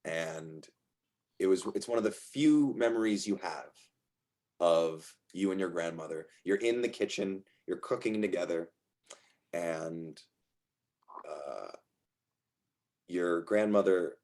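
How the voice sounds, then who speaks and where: A man with a fairly low voice narrates as game master. He paints dream scenes softly and slowly, often restarting his sentences. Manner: soft, slow descriptive narration with restarts.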